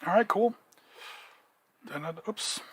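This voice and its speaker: A man running a tabletop role-playing game as game master, explaining rolls and narrating in a relaxed way with many fillers. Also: high-pitched, takes it slowly, husky.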